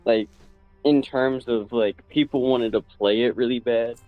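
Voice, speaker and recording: Guy hanging out on a friend's stream, jokey rambly chat, medium voice, soft music behind. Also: medium pitch, fairly even intonation, unhurried, no room sound, narrow, tinny audio. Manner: joking and rambling, trails off mid-thought. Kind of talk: casual chat.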